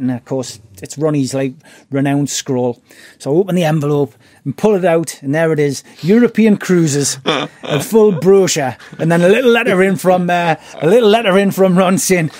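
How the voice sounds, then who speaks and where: A man's voice: on the high side, brisk, a little mellow, no room sound. A middle-aged man telling stories in a casual interview, often restarting his words. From Newcastle, England. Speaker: podcast guest. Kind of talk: casual storytelling.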